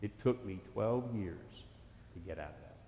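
In an echoey church hall, a preacher in his fifties shares a personal story during his sermon. His low, mellow voice is animated but a little slow, his folksy talk rises into emphatic bursts, and the audio has a little hiss or hum.

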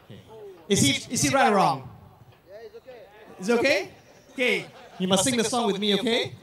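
A man hosting a crowd game on stage with lots of energy, shouting and repeating words quickly over the crowd. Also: high voice, lively intonation, far from the mic. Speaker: event host. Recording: echoey hall, heard from afar.

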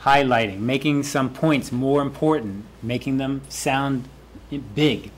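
A man's voice: mid-range voice, slow. A man who is a university professor, giving a classroom lecture and repeating key phrases for students to echo.

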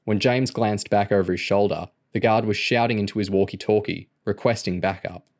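A man with a lowish voice reads a novel aloud as an audiobook. His storytelling stays steady and even from line to line. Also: fairly quick. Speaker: audiobook reader. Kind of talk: audiobook narration.

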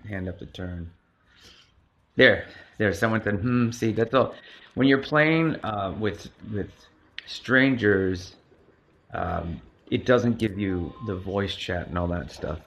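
A man hosting a casual livestream, chatty and greeting viewers over and over while he plays a board game. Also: fairly bright tone. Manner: chatty, greets viewers repeatedly, sings high hellos. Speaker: livestream host. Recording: dull lo-fi sound with faint noise.

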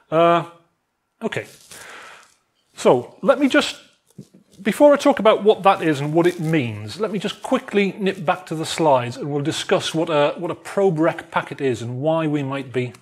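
A man lecturing a student society on wifi security in a jovial, animated way, acting out phones calling for networks. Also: on the high side, breathy edge. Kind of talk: technical talk to a student society.

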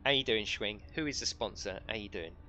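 A man's voice: on the low side, lively intonation, brisk, pushed and bright. A middle-aged man casually commentating a live game stream, chatting and joking with his viewers. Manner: jokey, chatty, reads out chat and laughs often.

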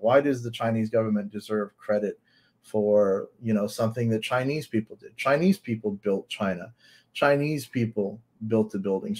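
A man's voice: on the low side, darkish tone. A man giving blunt, profane reaction commentary on a video, piling up rhetorical questions.

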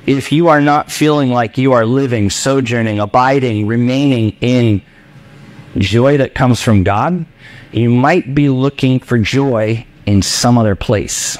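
A man preaching a sermon as pastor in a church, animated and jokey, acting out voices of his listeners. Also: mid-range voice, unhurried.

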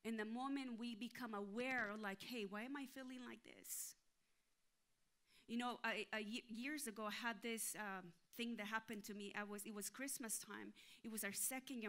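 A woman's voice: mid-range voice, fairly even intonation, fast talker, hardly any pauses, fairly bright tone. A woman pastor preaching with a story, acting out her inner voices and the people she quotes. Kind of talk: sermon with storytelling.

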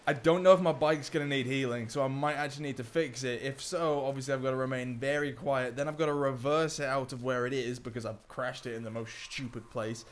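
A young man's brisk, mid-range voice runs with few pauses as he does let's play commentary for his YouTube channel. He's jokey and excitable, speaking to the characters in the game.

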